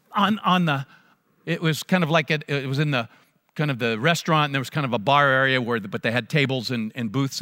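A man preaching a sermon as a pastor, telling stories with animated delivery and acting out voices. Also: high-pitched. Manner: animated storytelling, acts out voices. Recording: long reverb of a large hall.

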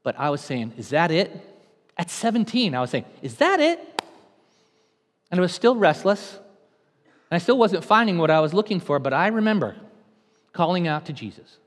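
Pastor, male, fairly high voice, dynamic sermon delivery, hushed to loud, long church-hall reverb. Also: animated, a little fast. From California.

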